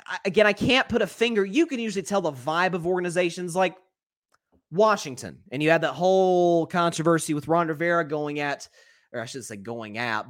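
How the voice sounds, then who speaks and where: A man hosts a live sports talk show in a slightly high voice, speaking animatedly with lots of restarts and repeated words. He reads viewer comments out loud.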